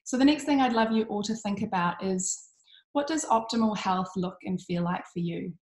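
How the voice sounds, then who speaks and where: A woman's voice: medium pitch, expressive, moderate pace, a little mellow, roomy sound, low-quality recording. A tired woman giving a casual health talk, chatty and full of ums and restarts. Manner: uses 'bloody' as an intensifier. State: tired from little sleep. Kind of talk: casual presentation.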